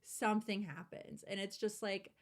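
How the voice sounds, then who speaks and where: A woman's voice: mid-range voice, fairly even intonation, moderate pace. Candid chatty young woman. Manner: chatty, candid storytelling full of "like" and swearing. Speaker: podcast guest. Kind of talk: casual chat.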